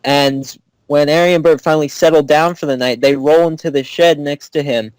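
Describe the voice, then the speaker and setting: A man's voice: a little high, steady tone, brisk, a little mellow, smooth, no echo, low-quality recording. A man retelling a story plot in a casual, rambling way, correcting himself as he goes. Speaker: pitching a story idea.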